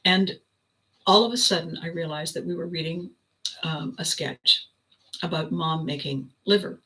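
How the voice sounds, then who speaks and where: An older woman hosting her own video, telling a personal story in a casual, animated way with frequent laughter. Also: lowish voice, normal speed, low-quality recording. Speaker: vlog host.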